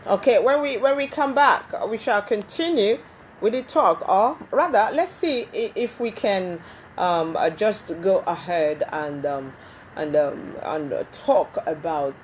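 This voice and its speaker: A woman hosting a live talk show, speaking haltingly with many ums and restarts. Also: medium pitch, a little hiss or hum, rough recording. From Nigeria.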